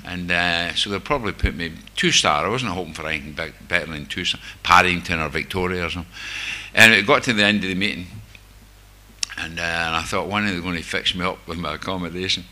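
A man's voice: sits low, fast talker, bright, forceful tone. An older man with a Glasgow-area Scottish accent, candidly telling a group his own recovery story with wry, self-mocking humor. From Scotland, near Glasgow. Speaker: speaker sharing recovery story. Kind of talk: personal testimony to a group.

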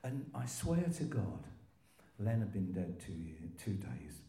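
A man's voice: low voice, sing-song, a little slow, dark tone, reverberant. An older man from England telling his recovery story in a rambling testimony, with restarts and little laughs. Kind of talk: personal testimony talk.

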